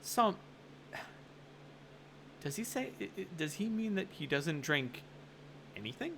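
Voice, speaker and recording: A man's voice: on the high side, big pitch swings, unhurried, vocal fry, noisy background. A man running a tabletop game as game master, talking casually with lots of filler and frequent swearing.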